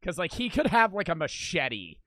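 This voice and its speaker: A man's voice: high voice, huge pitch swings, moderate pace, fairly bright tone, no echo, studio quality. A young man casually reacting to video clips, joking and swearing as he comments. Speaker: reaction streamer.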